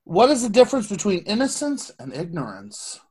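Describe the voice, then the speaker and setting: A man's voice: high-pitched, huge pitch swings, brisk, darkish tone, breathy edge. Thoughtful man asking questions. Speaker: podcast co-host asking questions. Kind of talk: casual chat.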